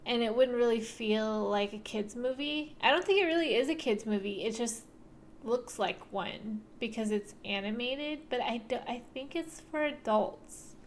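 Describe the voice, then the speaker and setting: Chatty young woman, higher voice. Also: normal speed, slight background noise. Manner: chatty, many fillers, laughs often. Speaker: podcast co-host. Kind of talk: casual chat.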